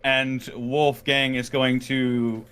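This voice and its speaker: A man's voice: medium pitch, level tone, extremely slow, fairly bright tone, clean tone. A man playing a character in a tabletop game, casually declaring his actions and dice rolls. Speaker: player.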